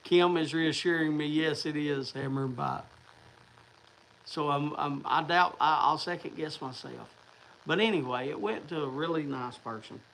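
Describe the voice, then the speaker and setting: A man's voice: a little high, normal speed, creaky, fairly bright tone, slight background noise, rough recording. A man hosting a livestream, talking to viewers in a rambling, chatty way. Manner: rambling, chatty, restarts and fillers. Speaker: livestream host. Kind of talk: casual livestream chat.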